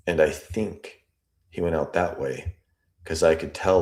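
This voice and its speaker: A very low-pitched man talks through a statement line by line. He takes his time, musing aloud and pausing over each phrase as he analyzes it. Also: a little mellow. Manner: slow, deliberate, musing aloud. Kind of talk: reading and analyzing a transcript.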